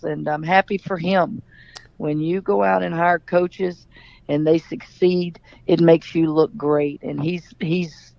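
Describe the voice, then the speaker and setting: Woman, middle-aged, basketball coach, emphatic storyteller, gravelly, dry dull recording. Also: low voice, no room sound. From Louisiana. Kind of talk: interview answers.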